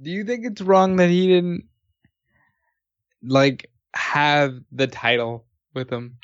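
A man's voice: on the high side, animated, slow, no room sound, highs cut off. A man in casual wrestling podcast chat, opinionated and profane.

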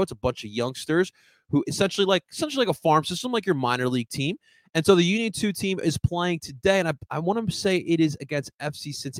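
A man's voice: a little high, no room sound. Fired-up young man hosting sports talk. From first-generation American. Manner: excitable, swearing, fired up.

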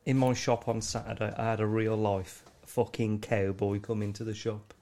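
A man from England's Black Country, with the accent to match, co-hosts a podcast and tells a story in casual chat, swearing often and laughing as he goes. His voice is lowish, mellow, and fairly flat, at normal speed.

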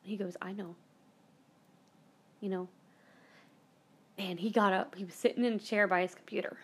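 A woman hosting her own podcast tells a personal story loosely and casually, now and then swearing, in a mid-range, slightly rough voice with fairly even intonation at a moderate pace. She grows emotional, close to tears, and drops to a whisper during the tender moments.

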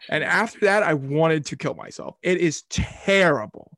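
A man's voice: on the high side, expressive, normal speed, fairly bright tone. A man co-hosting a sports podcast in casual chat, joking and teasing.

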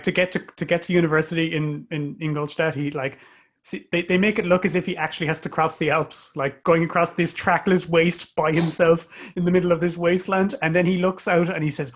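A man's voice: on the high side, little pitch movement, brisk. A man in casual chat about a film, easygoing and joking with his co-host. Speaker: podcast co-host.

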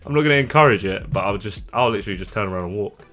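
A young man from London, co-hosting a casual podcast and telling stories in an animated way, swearing freely and acting out what people said. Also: on the low side, rapid-fire. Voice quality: swears freely, animated storytelling with acted-out quotes. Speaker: podcast co-host. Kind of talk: casual chat.

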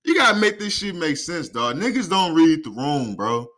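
A man's voice: on the high side, big pitch swings, normal speed, pushed and bright, rough recording. A young man hosting a podcast in casual chat, full of profane slang, laughing often and firing incredulous rhetorical questions. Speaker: podcast host.

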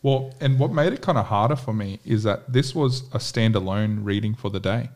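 A man discussing scripture in a casual conversation, animated and emphatic, often posing rhetorical questions. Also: lowish voice, a little fast. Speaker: bible study co-host.

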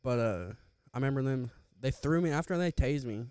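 A man's voice: mid-range voice, fairly quick, mellow, clean tone, dry recording. A young man casually telling a profane story on a podcast, laughing often, close to the mic. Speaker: podcast co-host.

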